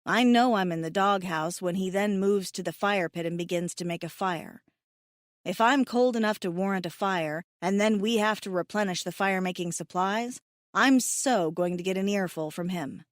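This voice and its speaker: A woman's voice: mid-range voice, moderate pace, no room sound, clean studio sound. A woman narrating a first-person romance audiobook in an emotive, tearful, self-mocking way.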